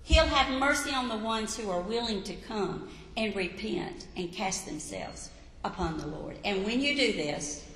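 A woman preaching a sermon, emphatic, rising to loud peaks and telling listeners to write points down. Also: medium pitch. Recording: echoey hall with long reverb.

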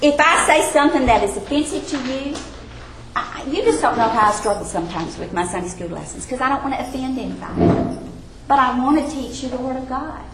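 A woman's voice: high voice, animated, a little fast, a little hiss or hum. A woman teaching a Sunday school Bible study, earnest and emphatic with folksy asides. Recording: echoey room.

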